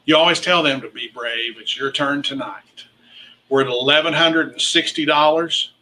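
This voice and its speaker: A man working as an auctioneer at a charity party, calling out bids and teasing bidders in a playful, excitable way. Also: a little high, moderate pace, poor audio. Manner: calls rising bid amounts.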